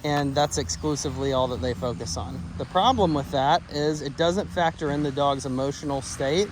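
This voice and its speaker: A man working as a dog trainer outdoors beside a car. He gives an upbeat training demonstration and praises the dogs in a high sing-song voice. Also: moderate pace, slight background noise.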